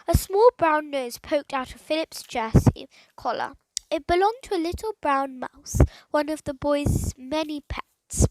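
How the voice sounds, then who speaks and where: A woman narrating a children's adventure audiobook in an expressive storytelling manner. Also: high voice, measured pace, dry recording, poor audio.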